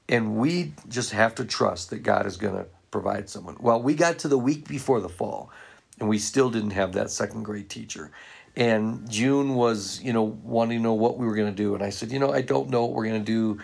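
A man's voice: fairly low pitch, moderate pace, gravelly, breathy edge. A man who leads church ministry, telling earnest stories to fellow ministry workers. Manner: earnest anecdotal storytelling. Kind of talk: storytelling talk to ministry workers.

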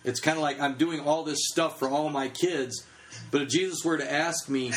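A man's voice: on the high side, steady tone, normal speed, fairly bright tone, slight background noise, poor audio. A man in his thirties giving a casual teaching talk on children's ministry, chatty and full of fillers.

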